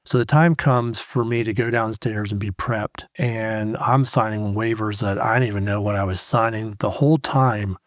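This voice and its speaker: A man's voice: lowish voice, fairly even intonation, normal speed, hardly any pauses, no room sound. Man telling a personal story, dry close sound. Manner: conversational, retells scenes by quoting himself and others. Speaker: Christian speaker sharing testimony.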